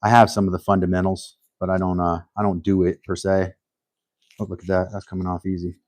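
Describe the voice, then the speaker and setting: Laid back dude on a livestream, low voice, rambles humbly while he works, no room echo. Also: flat delivery, a little mellow. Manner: humble, thinking aloud, halting restarts. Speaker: live-stream host. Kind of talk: casual live-stream chat while working.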